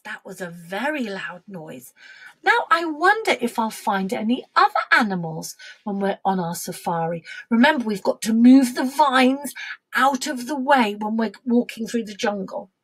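A woman leading a preschool music lesson, singing and talking in an animated, sing-song way that drops to whispers and gasps. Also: on the high side, normal speed, husky. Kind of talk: sung and spoken children's music lesson.

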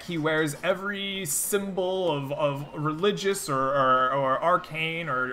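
A man narrating as game master of a tabletop game over a video call, halting as he describes. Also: a little high, sharp tone. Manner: halting, restarts and fillers while describing.

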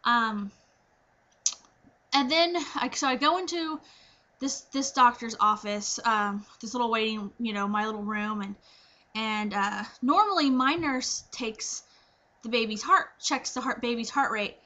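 A young pregnant woman chatting casually to her viewers, animated and full of fillers as she acts out her own reactions. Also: on the high side, a little slow, muffled recording. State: heavily pregnant. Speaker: pregnancy vlogger. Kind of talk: casual chat to camera.

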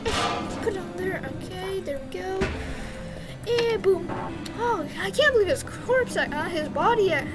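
A woman with a very high, bouncing voice is giving rowdy gameplay commentary. She yells, laughs and trash-talks while she plays. Loud music plays behind her. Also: lively intonation, measured pace. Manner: yelling, laughing, playful trash talk. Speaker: gaming video creator.

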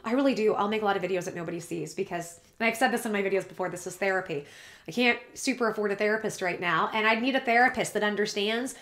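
A woman's voice: mid-range voice, a little fast, fairly bright tone. A woman YouTuber talking to her viewers in an emotional confessional vlog, earnest and rambling, close to tears.

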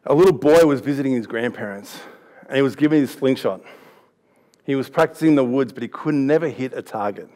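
A man's voice: mid-range voice, a little mellow. A man giving a youth sermon, chatty, laughing and restarting as he tells stories. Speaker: youth pastor. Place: church hall.

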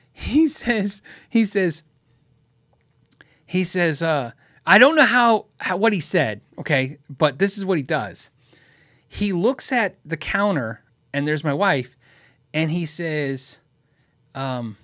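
A man from Tucson hosts a guitar Q&A and tells stories in a loose, chatty way. His fairly high voice rises and falls a lot as he acts out what people said, and he laughs often. The recording is dry and close. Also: sing-song, normal speed, fairly bright tone, no room sound. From Tucson, Arizona. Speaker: host of a guitar Q&A show. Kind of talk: casual storytelling.

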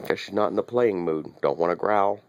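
Gravelly low-voiced man teasing his dog. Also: a little fast. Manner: wry, teasing, repeats himself. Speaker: dog owner filming his pet. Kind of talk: casual running commentary to camera.

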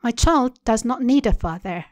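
A woman reading aloud, voicing a quiet teenage girl in a spoken story with a soft, subdued delivery. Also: on the high side, lively intonation, normal speed, dry recording, lightly acted.

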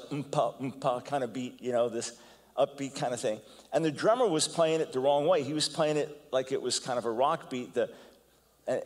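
An older man lectures in a big auditorium, his slightly high voice trailing long reverb. He talks in an animated, storytelling way, repeating words as he restarts and acting out the lines of others. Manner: animated, stumbles and repeats words, acts out quotes. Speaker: guest lecturer.

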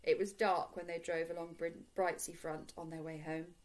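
A woman teacher reading a bedtime storybook aloud in a clear, gentle storytelling manner. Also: lowish voice, level tone, moderate pace, low-quality recording.

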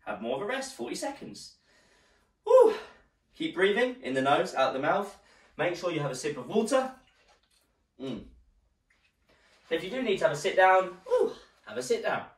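A man's voice: fairly high pitch, fairly bright tone. A male fitness instructor leading a live workout class, slightly out of breath as he exercises and counts down the rounds. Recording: roomy echo, distant mic.

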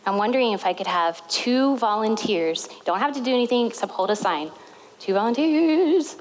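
Animated woman preaching a sermon. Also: a little high, normal speed, rough recording. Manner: animated storytelling with dramatic retellings. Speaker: pastor.

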